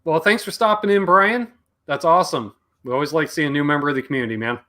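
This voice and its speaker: A man's voice: fairly high pitch, fast talker, sharp tone. A man from Canada hosting a casual livestream, joking and greeting viewers from the chat by name. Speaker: livestream host.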